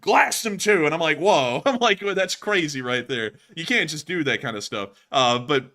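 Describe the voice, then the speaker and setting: A man's voice: fairly high pitch, expressive, moderate pace, sharp tone. A man hosting a live stream, chatting loosely with many fillers and laughs as he answers donations. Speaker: host. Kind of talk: casual live-stream chat reading donations.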